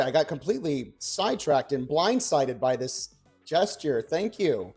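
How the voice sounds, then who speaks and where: Excitable young man cooking on stream. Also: on the high side, measured pace, breathy edge. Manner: chatty, rambling, excitable, with playful exclamations. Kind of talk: casual cooking livestream chat. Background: faint background music.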